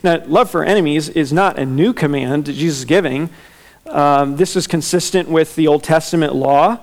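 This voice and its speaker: A man's voice: fairly high pitch, moderate pace. A man preaching an expository sermon, teaching earnestly and repeating his key questions for emphasis. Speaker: pastor.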